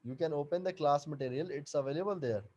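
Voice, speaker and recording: Man, teacher, online class, video call audio, fairly high voice, repeats himself. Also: muffled recording, crowd noise. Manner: repeats each point and question slowly.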